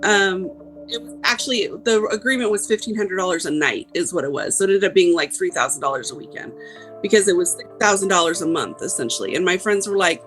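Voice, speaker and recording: Woman guest, conversational testimony, filler-heavy, soft music under her. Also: fairly low pitch, fast, poor audio. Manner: casual, many "like" fillers. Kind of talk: personal testimony.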